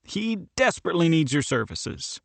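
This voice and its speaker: A man's voice: on the high side, very animated, moderate pace, vocal fry, fairly bright tone, no echo, pitched above the performer's own voice, exaggerated voice. A man voicing a playful hockey captain who needles his teammate, in an audiobook. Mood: teasing. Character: teasing male hockey captain, jovial.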